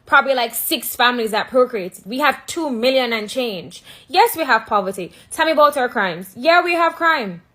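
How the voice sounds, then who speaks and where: A woman's voice: fairly high pitch, lively intonation, moderate pace, few pauses, fairly bright tone. A woman with a Jamaican accent ranting to camera, sassy, emphatic and mocking.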